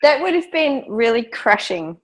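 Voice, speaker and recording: A woman's voice: on the high side, sing-song, measured pace. A woman from Australia, a guest on a casual podcast chat, talking emphatically and working up to indignant outbursts. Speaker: guest, former baking-show winner.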